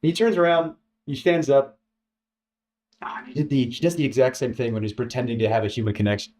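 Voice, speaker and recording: A man telling a personal story in a casual, halting way, repeating words and acting out what others said. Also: medium pitch. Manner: halting, repeats words, lively quoting voices. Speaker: former contestant telling his story.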